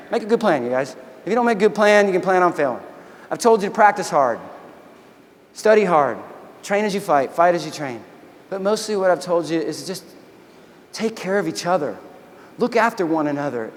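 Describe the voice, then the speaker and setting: A man who is an army veteran giving a motivational keynote speech, telling animated stories and acting out dialogue. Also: sits high, in a large hall. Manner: folksy, animated storytelling with quoted dialogue. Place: large convention hall.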